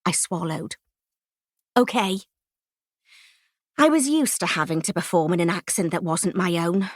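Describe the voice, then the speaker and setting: A woman's voice: lowish voice, fairly quick, no echo, clean studio sound. A woman from Wales with a Swansea accent, narrating her memoir as an audiobook, telling it expressively and voicing the quoted lines. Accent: Welsh, Swansea. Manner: lively, expressive storytelling with voiced quotes.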